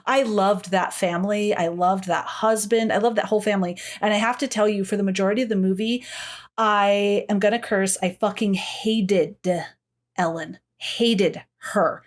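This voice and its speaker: Animated, cussing woman podcast co-host. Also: mid-range voice, normal speed. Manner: animated, swears freely, acts out reactions. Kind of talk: casual chat.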